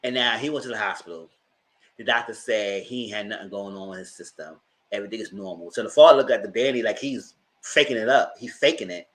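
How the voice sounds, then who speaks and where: This male host, a TV reviewer with his own channel, speaks fast in a fairly low, fairly bright voice. Recapping an episode live, he narrates it with drama, slang-filled asides and fiery commentary, cursing as he goes.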